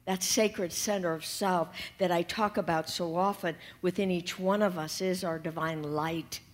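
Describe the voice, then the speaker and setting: A woman minister preaching a sermon, talking softly and slowly and sometimes dropping to a whisper. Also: on the low side, steady tone. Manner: soft and slow, dropping to whispers.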